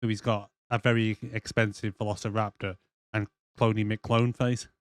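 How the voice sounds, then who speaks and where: A man's voice: lowish voice, flat delivery, normal speed, no echo. A young man co-hosting a casual movie review podcast, sweary and acting out scenes in silly voices. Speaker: podcast co-host.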